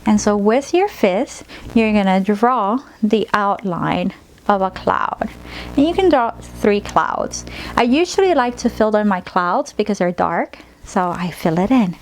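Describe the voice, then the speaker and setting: A woman in the middle of her pitch range teaches a therapy technique. She alternates between a slow, soothing storyteller's voice and clear practical instructions. A faint noise sits under the recording. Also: expressive. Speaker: play therapist. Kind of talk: instructional demonstration.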